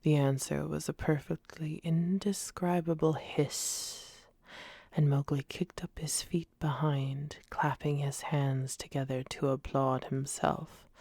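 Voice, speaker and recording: Woman, whispered role-play, ASMR storyteller, very slow, gravelly, soft-spoken, dry close mic. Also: low-pitched, dry recording. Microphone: close binaural studio mic.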